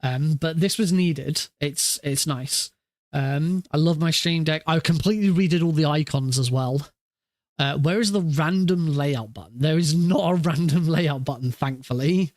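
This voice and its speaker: A man's voice: a little high, normal speed, darkish tone, no echo, studio quality. A man streaming a speedrun, talking casually and rambling, often restarting his sentences as he fixes his setup. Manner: rambling, self-correcting, chatty. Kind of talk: casual live-stream chat.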